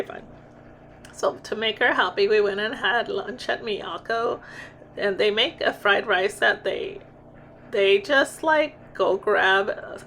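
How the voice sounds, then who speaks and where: A woman's voice: mid-range voice, bright, forceful tone, a little hiss or hum. A middle-aged woman, chatting casually in a vlog, laughing often and breaking off mid-sentence. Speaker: vlogger.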